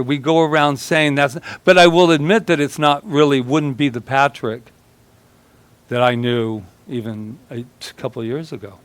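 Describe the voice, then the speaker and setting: A man's voice: medium pitch, normal speed, fairly bright tone, dry recording. A male minister giving a chatty sermon, telling stories and acting out quoted voices with humor. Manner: storytelling, acts out quoted voices; chatty, laughs with congregation.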